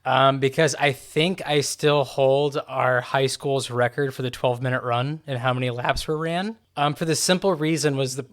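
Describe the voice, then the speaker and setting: A man's voice: mid-range voice, steady tone, normal speed, few pauses. A young man rambling and hesitating as he chats casually on a podcast. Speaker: podcast co-host. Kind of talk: casual chat.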